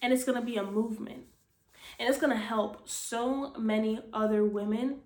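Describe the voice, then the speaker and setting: Woman podcast host, slightly high voice, frank and profane, echoey room. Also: steady tone, moderate pace, darkish tone. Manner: blunt, frank, swears freely; earnest, repeats phrases for emphasis. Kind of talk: casual motivational talk. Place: indoors, speaking to camera.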